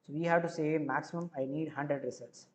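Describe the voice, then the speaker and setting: A man with an Indian accent, hosting a live coding stream, who explains each step as he goes and fills pauses with frequent filler words. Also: a little high, steady tone, a little hiss or hum.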